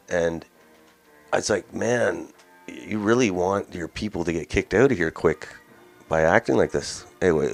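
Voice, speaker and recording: A male host delivers casual opinion commentary in a blunt, mocking, rambling way. His voice sits low. Faint music plays behind him. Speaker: host of a daily news commentary show.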